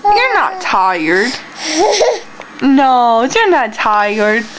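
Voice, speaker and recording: A woman's voice: fairly high pitch, sing-song, extremely slow, noisy background. A mother filming her baby at home, coaxing her in sing-song baby talk.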